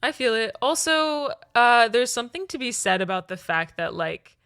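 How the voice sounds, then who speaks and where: Animated young woman podcaster. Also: a little high, normal speed, clear, resonant tone. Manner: animated, acts out characters' lines in quoted voices. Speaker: podcast co-host. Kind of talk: casual chat.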